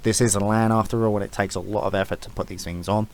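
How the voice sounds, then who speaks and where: A man's voice: lowish voice, fairly even intonation, fast. A man giving a casual, rambling opinion rant as an esports vlogger, blunt and swearing freely.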